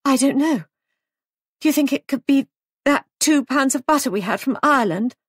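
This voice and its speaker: A woman voicing an anxious young wife who runs a guest house, raising her voice higher and speaking in a worried, plaintive way. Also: lively intonation, normal speed, no echo, clean studio sound. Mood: fretful.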